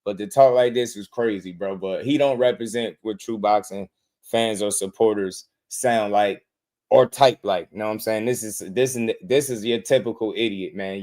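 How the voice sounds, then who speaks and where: A man hosting a boxing channel, ranting in casual commentary, repeating himself and calling listeners bro. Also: fairly low pitch. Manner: animated, repetitive, slangy, calls listeners bro.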